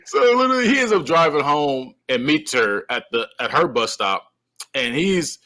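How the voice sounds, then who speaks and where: A man co-hosting a podcast, casually recapping a film and retelling its scenes with lively, frequent laughter. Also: on the high side, moderate pace. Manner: animated storyteller who acts out characters; laughs often. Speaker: podcast co-host. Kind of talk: casual movie-recap chat.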